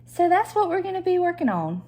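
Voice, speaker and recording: A woman with a warm Southern drawl chats to her camera at home. She keeps it loose and teasing, with a laugh never far away. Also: very high-pitched, big pitch swings, a little fast. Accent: Southern American. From Southern United States. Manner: chatty and teasing, laughs often. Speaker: lifestyle vlogger. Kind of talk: casual chat to camera.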